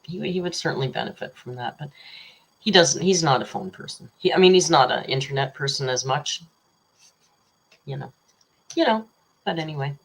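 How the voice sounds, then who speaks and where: A woman's voice: deep voice, lively intonation, moderate pace, creaky, pauses often, slightly rough. A woman hosting a casual livestream. She reads out viewers' super chats and rambles chattily, teasing and laughing often. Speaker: livestream host. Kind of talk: casual live chat reading super chats.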